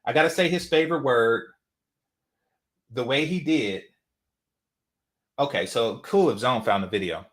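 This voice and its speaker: A Bay Area man who hosts a commentary channel delivers a casual, profane monologue, mocking and repeating phrases for effect. His medium-pitched voice is animated but a little slow, with frequent pauses. He comes from the San Francisco Bay Area.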